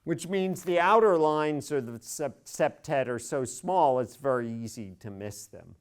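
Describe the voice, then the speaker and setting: A man's voice: mid-range voice, animated, measured pace, smooth. A middle-aged man giving a university chemistry lecture, spelling out each step methodically and stressing key words. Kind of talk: classroom lecture.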